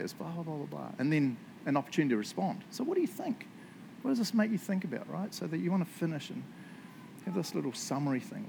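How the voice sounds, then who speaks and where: Chatty New youth church leader. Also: male voice, on the high side, creaky, darkish tone, slight background noise. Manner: casual, chatty, lots of fillers and asides. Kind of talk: teaching talk to a church group.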